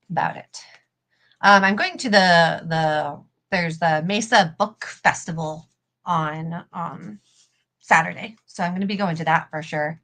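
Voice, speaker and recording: A woman's voice: fairly low pitch, sharp tone. A young adult woman hosting a casual craft live stream, chatting in a rambling way with lots of fillers and the odd swear. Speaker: cosplay prop maker and live-stream host.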